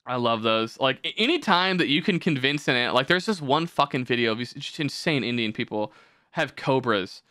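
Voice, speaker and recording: A man's voice: mid-range voice, lively intonation, a little fast, bright, forceful tone, dry recording, studio quality. A young man hosting a podcast, talking in a rambling, profane way and slipping into mocking voices. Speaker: podcast host. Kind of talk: casual podcast chat.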